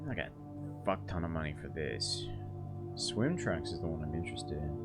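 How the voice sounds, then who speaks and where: A man's voice: very deep voice, lively intonation, normal speed, over loud music. A young man streaming a game, hungover, rambling and laughing through a story. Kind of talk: casual gameplay chat.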